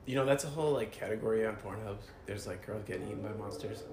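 A man's voice: on the low side, quick pace, a little mellow. A man chatting casually about a movie, laid-back and swearing freely. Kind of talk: casual movie commentary chat. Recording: roomy room with faint noise.

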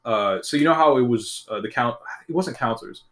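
A man's voice: mid-range voice, brisk, echoey room. A young man in casual chat, telling a school story with lots of swearing and acting out what people said. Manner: profane, animated, acts out quotes in shifting voices.

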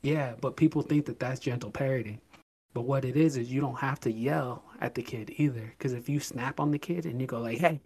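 A man's voice: medium pitch, fairly even intonation, a little fast, darkish tone, breathy edge. A man co-hosting a casual podcast chat, talking at length with worked examples and emphatic, acted-out bits of scolding. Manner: explains at length with hypothetical examples; emphatic, acts out scolding a child. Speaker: podcast co-host.

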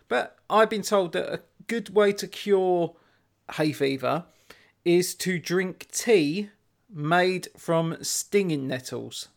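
A man hosting a casual podcast chat, rambling wryly and quoting others with sarcasm. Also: on the high side.

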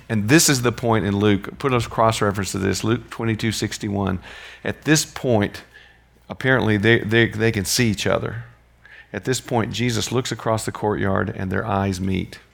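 Male Bible teacher, low and gravelly; conversational classroom lesson with rhetorical questions. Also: fairly even intonation, normal speed.

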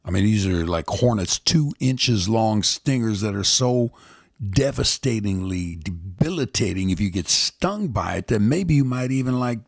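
A man's voice: fairly low pitch, animated, normal speed, gravelly, dry recording, studio quality. A man in his seventies hosting a rambling, folksy one-man commentary, chatting casually and drifting from topic to topic. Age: 70s.

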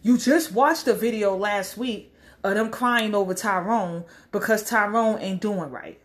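A woman's voice: medium pitch, unhurried. A woman, giving blunt, profane advice in a casual vlog rant and acting out the people she quotes. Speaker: social media commentator. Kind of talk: casual direct-to-camera rant.

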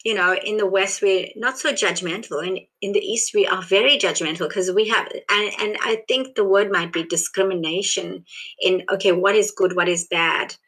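Woman, South African Indian accent with some Australian, bright tone, rambling interviewee. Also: mid-range voice, fairly even intonation, moderate pace, low-quality recording. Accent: South African Indian, mixed with Australian. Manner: rambling, restarts often, laughs softly. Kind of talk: casual conversational interview.

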